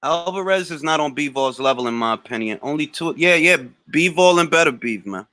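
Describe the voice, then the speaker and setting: A man hosting a live boxing Q&A, answering chat comments in a blunt, slangy, animated way. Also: a little high, brisk, few pauses, no room sound. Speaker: boxing talk show host.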